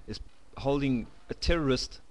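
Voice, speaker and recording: A South African man giving a blunt, opinionated to-camera monologue into a home camcorder, halting as he goes. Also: medium pitch. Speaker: vlogger.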